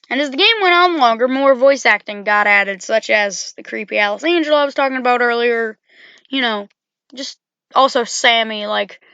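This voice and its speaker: A woman's voice: a little high, moderate pace, bright, forceful tone, clean tone, no echo, highs cut off. A woman giving casual, rambling game commentary, full of fillers and self-corrections.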